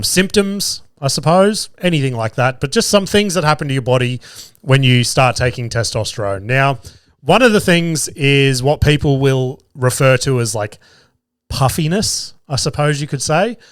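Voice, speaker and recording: A man's voice: medium pitch, no echo, clean studio sound. A young Australian man hosting a podcast, telling casual stories in a profane, self-mocking way and acting out the other people in them. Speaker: podcast host. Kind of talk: casual storytelling chat.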